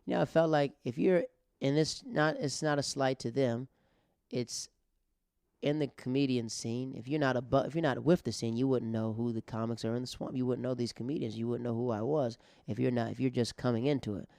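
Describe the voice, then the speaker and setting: A man's voice: mid-range voice, fairly even intonation, a little fast, creaky, darkish tone, dry recording, clean studio sound. A male comedian and podcast host telling a casual, rambling story with many restarts and fillers.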